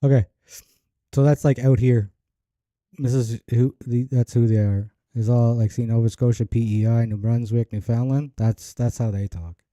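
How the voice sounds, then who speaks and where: Canadian guy from Ontario, loose rambling reaction host; voice is very dark and warm, recorded dry. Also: mid-range voice, steady tone, moderate pace, no room sound. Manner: rambling, searching for words. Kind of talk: casual reaction commentary.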